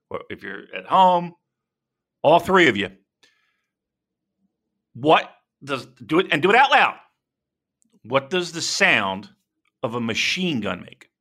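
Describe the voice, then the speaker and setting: A man co-hosting a casual podcast, rambling and swearing freely as he talks wrestling. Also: a little high. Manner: profane, rambling, animated. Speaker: podcast co-host.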